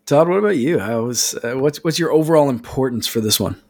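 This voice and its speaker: Male podcast host, mid-pitched, easygoing and chatty. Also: expressive, brisk. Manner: easygoing, steers the talk, chuckles while recounting. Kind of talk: casual podcast chat.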